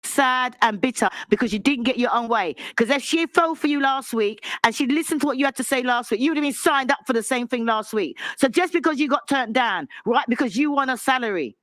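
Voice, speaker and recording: A woman's voice: high-pitched, animated, brisk, hardly any pauses, a bit bright, no room sound. A woman giving an angry, lecturing rant in a clip, calling someone out. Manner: indignant, lecturing.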